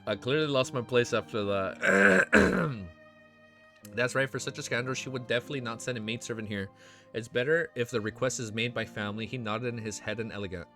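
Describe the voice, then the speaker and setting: A man reads a web novel aloud for a reaction video at a middling pitch. He keeps stopping for excited side comments and bursts of laughter. Soft music runs faintly behind him. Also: normal speed. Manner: laughs often, breaks off into excited asides.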